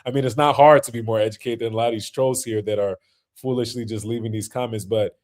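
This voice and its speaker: A man's voice: medium pitch, steady tone, fast, darkish tone. Laid-back slangy man reacting to videos. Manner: loose, slangy, laughs often, many fillers. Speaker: streamer reacting to clips. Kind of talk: casual reaction stream chat.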